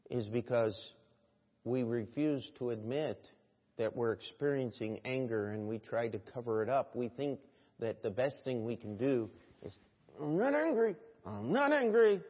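A male American pastor preaching a sermon in a church, moving from quiet reflection to loud, emphatic exhortation and often calling out "Amen?" to the congregation. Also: medium pitch, fairly even intonation, measured pace. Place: church sanctuary. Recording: dull recording with long church reverb.

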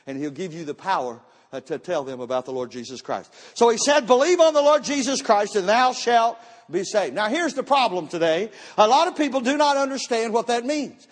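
A man preaching a sermon to a church, telling a story with emphatic, repeated words. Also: extremely high pitch. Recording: long church hall reverb.

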